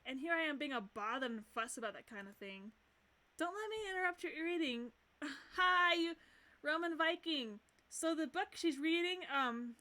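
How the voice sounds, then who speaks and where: A woman streamer reading a visual novel aloud and gushing excitedly between lines, often giggling. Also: high voice.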